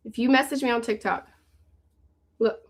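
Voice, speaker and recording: A woman hosting a phone live stream, pitching her courses fast and urgently, repeating herself and calling out viewers by name. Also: fairly even intonation. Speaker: livestream host selling online courses.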